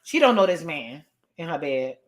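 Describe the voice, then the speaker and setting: A woman vlogger giving a casual, sassy recap rant with animated delivery and laughing asides. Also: deep voice, normal speed.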